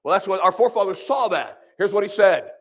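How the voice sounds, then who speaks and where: High-voiced man preaching. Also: animated, quick pace. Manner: preachy, conversational, with sarcastic asides. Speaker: pastor. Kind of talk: Sunday school sermon.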